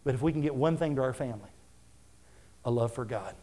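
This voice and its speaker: A man's voice: medium pitch, fairly quick, warm tone. A man, a pastor preaching a fervent, conversational sermon full of repetitions.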